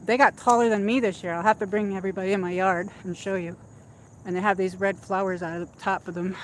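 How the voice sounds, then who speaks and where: A woman talks fast at a medium pitch with fairly even intonation while hosting a casual livestream. She walks through an outdoor shopping area at dusk, holding her phone and rambling with lots of fillers, with slight background noise behind her.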